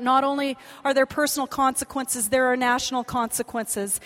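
A Canadian woman preaching a sermon to women, with dramatic pauses and drops to a hush on key words. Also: high voice, steady tone. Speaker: conference speaker.

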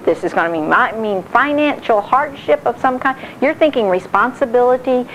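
A middle-aged woman giving a sermon-style talk on marriage, animated and acting out quotes. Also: on the high side, moderate pace, highs cut off, a little hiss or hum. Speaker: speaker on marriage.

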